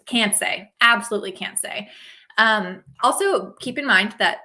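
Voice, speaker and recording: A woman's voice: medium pitch, normal speed, bright, forceful tone. A woman from Oregon hosting a casual livestream chat, upbeat and chatty, greeting viewers by name, with a slight cold. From Oregon, USA. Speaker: host.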